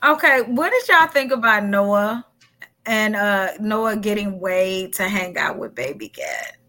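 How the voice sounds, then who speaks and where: A woman's voice: medium pitch, animated, a little slow, pushed and bright. A woman hosting a casual podcast chat, leading the group with questions. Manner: leads the discussion, asks the group questions. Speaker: podcast host.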